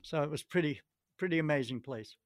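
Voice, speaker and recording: Speaking fairly quickly in a fairly high voice, a man appears as a golf pro guest in an interview. He relates long stories with many restarts and hesitations, in studio-quality audio free of room sound.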